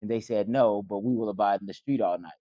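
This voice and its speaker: A man reading scripture aloud in a steady, plain way. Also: on the low side, fast, dry recording, highs cut off. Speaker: scripture reader.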